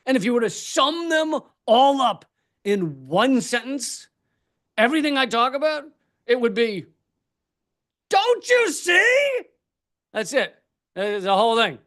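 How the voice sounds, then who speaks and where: A high-pitched man delivers a stand-up comedy keynote. He rants with animated energy, swears freely and jumps between shouted outbursts and quick asides. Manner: ranting, profane, animated.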